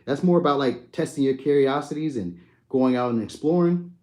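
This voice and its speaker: A man's voice: medium pitch, brisk, darkish tone. Laid-back man chatting on a live stream. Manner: laid-back, slangy, talks to viewers by name. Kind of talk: casual live chat reading comments.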